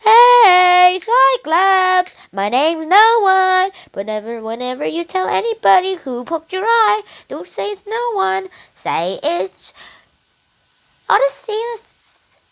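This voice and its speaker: A young speaker voicing a boastful Greek hero who shouts taunts at a giant. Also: mid-range voice, wildly swooping pitch, extremely slow, hardly any pauses, pitched below the performer's own voice, exaggerated voice. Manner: shouting, drawn out.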